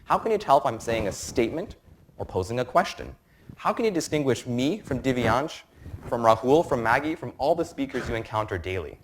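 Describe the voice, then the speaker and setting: A young man in his twenties presenting an academic lecture to a room, explaining research in a quick, informal way. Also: medium pitch, big pitch swings, a little hiss or hum. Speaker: medical student presenter.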